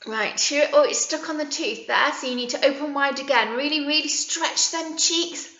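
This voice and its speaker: A woman talks in a high, lively voice. She leads a video lesson for small children, playful and coaxing. The recording is roomy and echoey, with a slightly muffled, dull sound. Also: moderate pace. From England. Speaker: nursery teacher.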